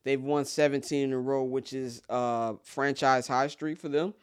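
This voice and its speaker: A man's voice: medium pitch, steady tone, normal speed, clear, resonant tone. A man from Chicago giving a casual, blunt and profane sports rant as a commentator, opinionated throughout.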